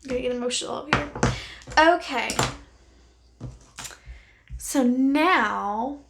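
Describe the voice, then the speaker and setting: A woman's voice: sits high, slow pace, gravelly, a bit bright, a little hiss or hum. A woman vlogging a casual makeup try-on, chatting candidly to the camera and thinking aloud as she applies it, sometimes dropping to near-whispers. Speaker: beauty vlogger.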